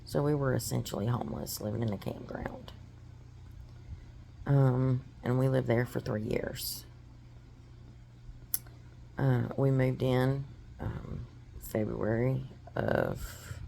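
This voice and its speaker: A woman's voice: rumbling low, steady tone, slow, gravelly, long pauses, dark tone, slight background noise. A woman giving a personal testimony, telling her story in an earnest, emotional way.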